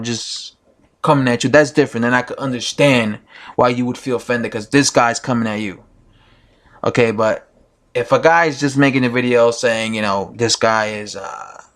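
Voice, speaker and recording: A man's voice: medium pitch, a bit bright. A man giving his opinions in a casual vlog, rambling with many fillers and restarts. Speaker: boxing YouTuber.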